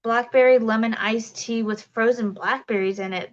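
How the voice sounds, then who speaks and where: A woman's voice: fairly high pitch, fairly even intonation, normal speed, dull audio. A woman hosting a casual crafting livestream, chatting and reading viewer comments, rambling with many fillers and restarts.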